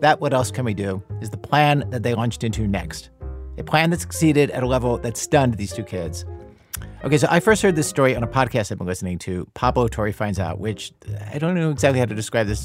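A man hosting a radio documentary show, delivering scripted narration in a measured, dry, conversational way. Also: mid-range voice, lively intonation, faint music behind.

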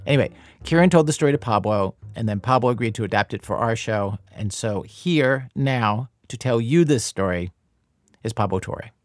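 A man hosting a radio documentary show, delivering scripted narration in a measured, dry, conversational way. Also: medium pitch, animated, no echo.

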